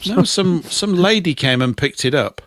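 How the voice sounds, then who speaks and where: Casting: middle-aged Englishman, dry rambling storyteller, lively pitch, close dry sound. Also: normal speed, dry recording. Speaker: co-host. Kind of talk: casual chat.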